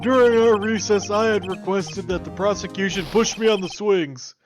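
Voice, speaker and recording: A man's voice: high voice, moderate pace, muffled recording, over music, close to an everyday voice. A man voicing a smug, formal courtroom figure in a casual game reading, with prim phrasing.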